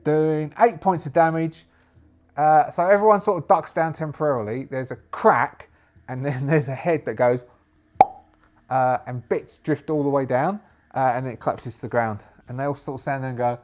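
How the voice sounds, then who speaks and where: A man's voice: medium pitch, fairly even intonation, moderate pace. A man narrating a solo tabletop game, chatty and rambling, laughing to himself. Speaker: game master.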